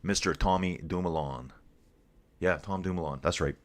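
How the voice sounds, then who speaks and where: Man, very low pitch, laid-back, calls people dude, casual live stream commentary. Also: moderate pace. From Canada. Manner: laid-back, calls everyone dude, reads chat aloud.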